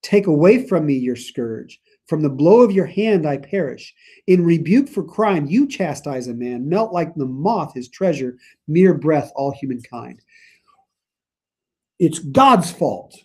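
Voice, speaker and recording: A man's voice: fairly high pitch, dark tone, breathy edge. A man leading a church Bible study, reading scripture aloud and then paraphrasing it earnestly in his own words. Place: church meeting room.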